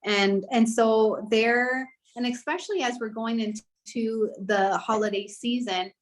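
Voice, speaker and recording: On a casual podcast, a young woman guest shares her personal story earnestly and at some length, using "like" as filler again and again. Her voice sits on the high side and she speaks a little slowly.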